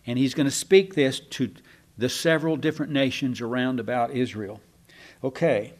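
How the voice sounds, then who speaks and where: A man teaching a Bible class in a folksy, rambling way, with asides to his listeners. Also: a little high.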